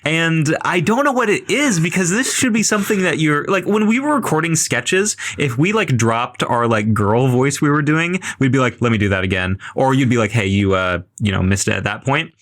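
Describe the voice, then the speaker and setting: Lively-voiced man on a casual podcast. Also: on the high side, moderate pace, few pauses. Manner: conversational, hesitant with fillers. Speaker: podcast host.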